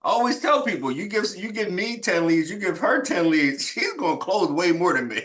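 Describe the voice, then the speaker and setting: A man co-hosting a podcast in casual chat, talking in an animated, hyped and slangy way. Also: sits high, moderate pace. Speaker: podcast co-host.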